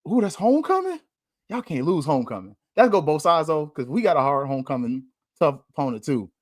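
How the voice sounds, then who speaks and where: A young man with a drawl hosts a sports podcast in a casual, joking way, teasing rivals as he calls his picks. His pitch swings widely from one phrase to the next, and the sound is close and dry with no room around it. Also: a little fast, dry recording. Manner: animated, joking, trash-talking predictions. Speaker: podcast host.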